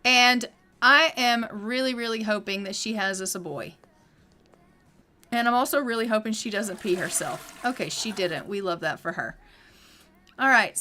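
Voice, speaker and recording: A woman's voice: medium pitch, bright, forceful tone. A woman streaming a life sim game, chatting playfully through casual gameplay commentary. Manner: chatty, playful, voices her game characters.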